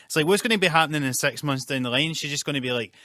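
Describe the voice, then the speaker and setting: A man's voice: fairly high pitch, racing, bright, forceful tone, dry recording, clean studio sound. A man on a comedy panel making wry jokes.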